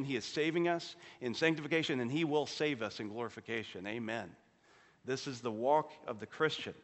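A man preaching a sermon as pastor, earnestly rising for emphasis and dropping to a low, quiet voice on solemn points. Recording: long hall reverb.

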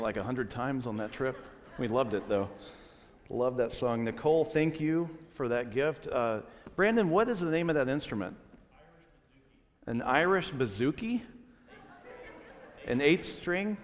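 A man preaching a lively sermon, with self-deprecating asides to his congregation. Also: mid-range voice. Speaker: pastor. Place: church sanctuary. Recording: long reverb of a large hall.

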